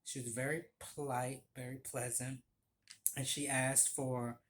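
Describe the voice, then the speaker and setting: A man telling stories of his old barista job in a casual, animated vlog, acting out the voices of people he quotes. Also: medium pitch, unhurried. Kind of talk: casual storytelling.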